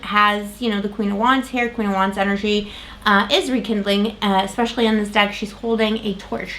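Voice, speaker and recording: A woman's voice: medium pitch, a bit bright, a little hiss or hum. A woman giving a tarot reading to camera, rambling with many fillers and restarts while losing her voice. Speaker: tarot reader.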